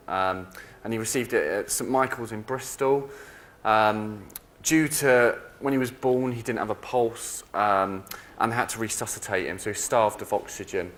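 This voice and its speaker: A man's voice: lowish voice, normal speed, fairly bright tone. A man who is a parent guest, answering questions hesitantly with frequent ums.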